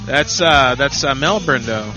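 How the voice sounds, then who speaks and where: A man's voice: medium pitch, animated, a little slow. A man hosting a casual prank-call radio show, rambling with laughs and crude banter. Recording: dull lo-fi sound with music behind.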